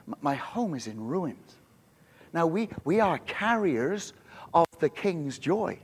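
A middle-aged male pastor preaching a sermon in church, telling the story with lively acted-out quotes and frequent restarts. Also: fairly high pitch, slow pace, breathy edge. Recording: long hall reverb.

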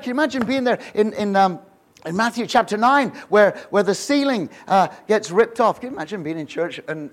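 A man preaching a humorous sermon, telling stories with jokes, rhetorical questions and frequent restarts. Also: sits high. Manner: storytelling, joking, many restarts and rhetorical questions. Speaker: pastor.

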